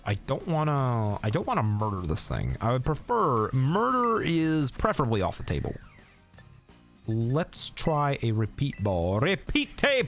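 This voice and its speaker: A young man streaming while he plays a game, chatting loosely with viewers, often sidetracked and laughing at his own stories. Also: medium pitch. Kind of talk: casual live-stream chat while gaming.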